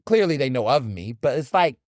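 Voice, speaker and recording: The Southern solo podcaster speaks fairly quickly at a medium pitch with big swings, his tone somewhat dark. He's blunt and animated, swears freely and acts out encounters in casual commentary, recorded dry at studio quality.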